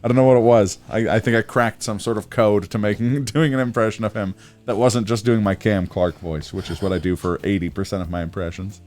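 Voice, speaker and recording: Male streamer, lowish voice, loose rambling banter with laughs, faint music underneath. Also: fairly even intonation, brisk, a little mellow. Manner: rambling, laughing often, filler-heavy. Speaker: streamer and co-host. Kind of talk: casual let's-play chat.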